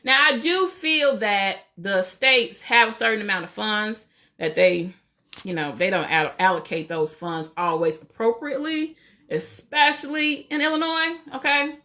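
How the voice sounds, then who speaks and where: Hosting a casual livestream, a woman with a mid-range voice greets viewers while sharing strong opinions and firing off rhetorical questions. Her delivery is expressive and unhurried, with a bright, forceful tone.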